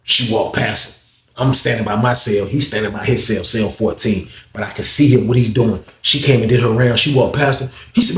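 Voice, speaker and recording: A man's voice: fairly low pitch, fairly even intonation, fairly quick. A man telling a story to his viewers in a casual, slangy and profane way. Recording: roomy echo.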